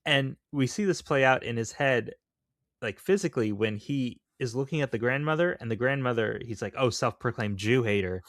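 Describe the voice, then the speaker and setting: A man's voice: medium pitch, moderate pace, a bit bright, no echo, studio quality. A man co-hosting a podcast, chatting casually and with opinions about a film, full of fillers. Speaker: podcast co-host.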